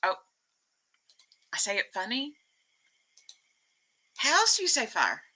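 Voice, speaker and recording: A woman with a Southern Texas drawl talks on a casual live stream, reading out viewer comments. Her tone is very bright and ringing, and she keeps breaking into giggles. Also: fairly high pitch, wildly swooping pitch, low-quality recording. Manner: chatty, giggly, quick to laugh. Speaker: vlogger reading live chat.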